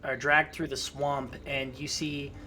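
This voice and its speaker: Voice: mid-range voice, little pitch movement, unhurried, pushed and bright, a little hiss or hum. A game master narrating a tabletop fantasy game in a casual, rambling way.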